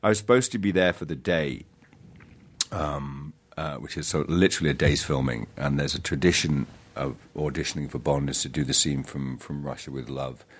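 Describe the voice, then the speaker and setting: A middle-aged man, an actor telling stories in an interview, halting and self-deprecating with many restarts. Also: extremely low pitch. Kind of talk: casual interview storytelling.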